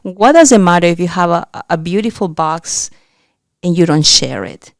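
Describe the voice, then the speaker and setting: A woman co-host speaks in a reflective, encouraging way during a relaxed interview. Her voice is smooth and slightly low. The sound is close and dry. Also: normal speed, dry recording. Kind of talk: casual interview chat.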